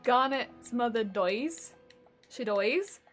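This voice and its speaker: A woman's voice: on the high side, lively intonation, slow, fairly bright tone, faint music behind. A woman chatting casually while streaming a game, giggly and talkative, greeting viewers as she plays. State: recovering from a migraine. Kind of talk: casual gaming stream chat.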